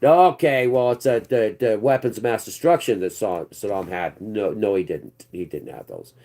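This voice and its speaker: A man's voice: on the low side, expressive, moderate pace, warm tone. A man hosting his own political commentary channel, ranting off the cuff in a rambling, sarcastic and profane way.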